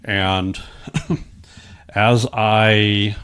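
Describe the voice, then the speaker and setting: A man with a lowish, smooth, slightly bright voice speaks very slowly and flatly as a podcast guest. He recounts a personal story casually, often restarting sentences and quoting exchanges.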